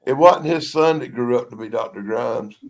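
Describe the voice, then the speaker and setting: A man's voice: medium pitch, normal speed, creaky, rough recording. A man in a casual livestream chat, giving blunt, plainspoken opinions.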